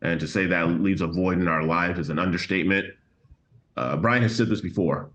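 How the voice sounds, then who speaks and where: A middle-aged man co-hosting a music reaction channel, reading viewer comments in an earnest, measured way with dry sarcasm. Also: sits low, fairly bright tone. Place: home, remote from co-host. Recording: muffled lo-fi sound.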